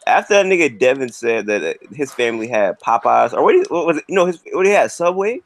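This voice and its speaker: A man's voice: medium pitch, sing-song, fast. A man hosting a casual podcast chat, firing questions at his friends and laughing often. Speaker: podcast host.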